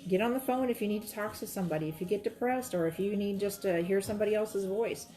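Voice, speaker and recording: A woman's voice: medium pitch, fast talker, mellow. A woman, chatting and rambling to viewers while she demonstrates quilting, talking straight to her audience. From Florida. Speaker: quilting livestream host.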